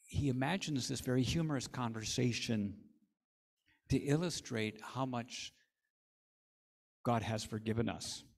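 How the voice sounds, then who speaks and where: A man's voice: mid-range voice, gravelly, a little mellow. A man preaching a sermon in an earnest, storytelling manner. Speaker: pastor.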